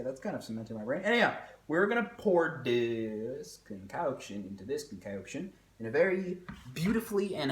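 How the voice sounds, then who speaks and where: A home cook rambles through a casual cooking vlog, joking at their own expense and leaning on fillers. The voice is lively and swings around in pitch. It rings through an echoey room with faint music underneath. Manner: rambling and self-mocking, lots of fillers.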